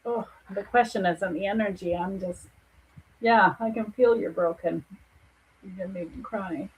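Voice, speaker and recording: A woman's voice: medium pitch, normal speed, slightly rough, lo-fi sound. A middle-aged woman, a psychic medium, giving earnest and reassuring spiritual readings to viewers in a soothing way.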